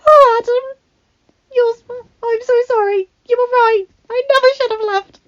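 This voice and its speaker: A woman putting on a frightened young woman who sounds high and thin, her words stammering and breaking as she fights back tears. The lines come loud and strained. The recording is dull and lo-fi. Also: fairly even intonation, normal speed, no echo. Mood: tearful. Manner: shaky, stammering, on the verge of tears.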